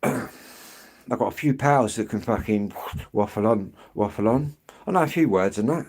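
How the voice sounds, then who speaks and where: English guy, live-stream walk-and-talk, rambling and chatty, mid-pitched, keeps clearing his throat. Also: animated, moderate pace, a little mellow. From England. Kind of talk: casual live-stream chat answering viewers. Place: outdoors on an evening street walk.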